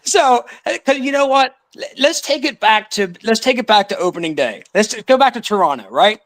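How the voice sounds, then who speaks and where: A man's voice: high voice, lively intonation, a little fast, a bit bright. A man calling in to a fan show, friendly and rambling with many restarts. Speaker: caller. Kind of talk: casual call-in chat.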